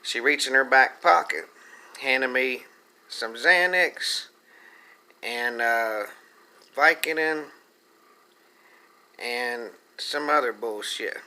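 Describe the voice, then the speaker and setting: A man spins a profane, meandering comic tall tale. His voice has a very bright, cutting edge. He pads every turn with fillers and a habit of saying "proceeds.". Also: mid-range voice, slow pace, pauses often.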